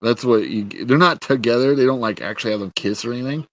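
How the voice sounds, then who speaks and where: A man's voice: mid-range voice, quick pace. A man reviewing a show in casual, ranting commentary, exasperated and profane, with lots of filler words.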